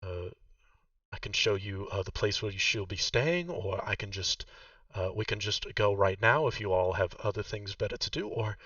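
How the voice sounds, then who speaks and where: A man voicing a kind, gentle half-orc who talks hesitantly with many pauses. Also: lowish voice, animated, no room sound, far from the mic, dull audio. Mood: earnest.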